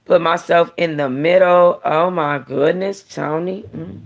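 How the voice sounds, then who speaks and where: A woman hosting a book club, reading a novel aloud and then chatting casually in an animated, slangy way. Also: lowish voice, measured pace, gravelly. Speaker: book club host and reader.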